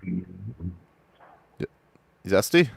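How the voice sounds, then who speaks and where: A lowish male voice hosting a live stream, talking casually and excitedly. He stammers and restarts and swears freely. The sound is close and dry. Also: drawn-out words, vocal fry, dry recording. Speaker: streamer host judging videos.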